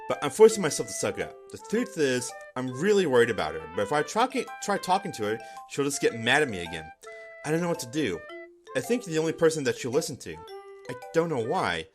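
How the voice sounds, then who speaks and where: A small, feisty teenage girl speaks in a blunt, pushy way, as a man reads her lines aloud in his own voice. Her tone is lively, and soft game music runs underneath. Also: medium pitch, lightly acted. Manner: pushy, then earnest.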